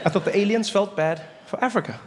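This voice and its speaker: A man doing stand-up comedy on stage, an animated storyteller who acts out voices. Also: sits high, fast. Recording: live hall reverb, faint noise.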